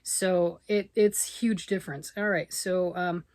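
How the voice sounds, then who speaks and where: A woman from Michigan, a yarn vlogger chatting excitedly and fast to camera, rambling off on tangents. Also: lowish voice, no room sound. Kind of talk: casual chat to camera.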